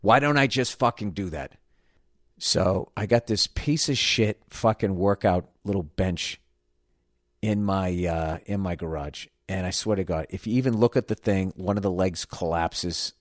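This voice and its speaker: A man's voice: low voice, unhurried, dry recording, clean studio sound. A middle-aged man hosting a podcast, telling a story as an exasperated, profane comedic rant. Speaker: podcast host.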